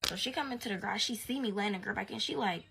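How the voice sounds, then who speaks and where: A woman's voice: medium pitch, racing, creaky. Young woman, casual storytime, slangy and profane, drops to whispers, clicking noise behind.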